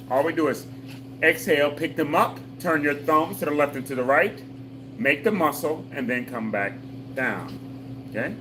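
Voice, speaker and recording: Patient and repetitive, this senior fitness instructor guides a live class with step-by-step call-and-response cues and folksy humor. His voice sits on the high side with a fairly bright tone, and the poor audio has slight background noise.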